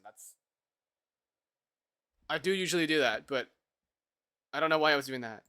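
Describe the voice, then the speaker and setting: A live streamer greeting viewers and thanking them, humming and mumbling quietly between remarks while coding at a desk mic. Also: mid-range voice, lively intonation, moderate pace, long pauses, smooth. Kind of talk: casual chat while coding.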